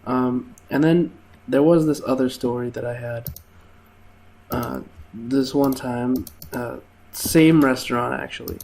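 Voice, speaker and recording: A man's voice: mid-range voice, steady tone, slow pace, creaky, a little mellow. Rambling young man telling work stories. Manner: rambling, laughs at his own stories, many fillers. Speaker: gaming channel host telling work stories. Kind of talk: casual storytelling over gameplay.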